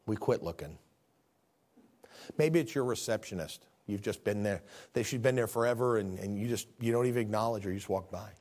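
A man preaching a sermon, animated, acting out scripture scenes with voices. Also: fairly low pitch, fairly quick.

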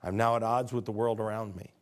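Delivering a brisk, animated sermon, this middle-aged pastor acts out conversations. His voice moves from hushed, low lines up to near shouting.

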